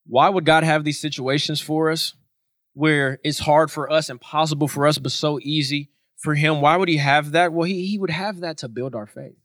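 A man's voice: a little high, fairly even intonation, moderate pace, fairly bright tone, no echo, clean studio sound. A man preaching a sermon in an earnest way, repeating his points for emphasis.

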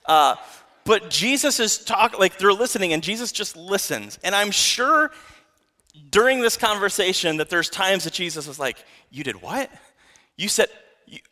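A young man preaching a sermon in a casual, animated way, often saying "like" between thoughts. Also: high-pitched, normal speed.

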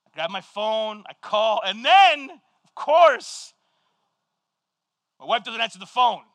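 A middle-aged male pastor giving a sermon, telling a story with lively energy and shouting at the high points. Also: no room sound. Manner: animated storytelling, shouting at peaks, quick asides.

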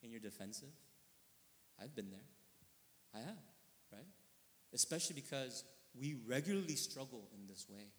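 Male pastor, mid-pitched, conversational sermon with tag questions and emphatic outbursts, long hall reverb. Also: expressive, normal speed, pauses often. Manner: earnest, often asking listeners with tag questions; swings between quiet reflection and sudden emphatic bursts.

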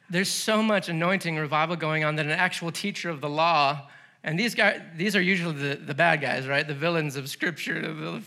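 A male pastor preaching a sermon, animated and laughing as he acts out the story's voices. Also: fairly high pitch. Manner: laughs between lines.

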